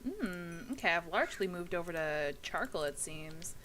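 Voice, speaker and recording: Bright-voiced young woman streamer, chatty. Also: on the low side, animated, normal speed, a little hiss or hum, rough recording. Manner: chatty, swears casually, talks to chat while playing. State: tired. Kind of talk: casual gaming livestream chat.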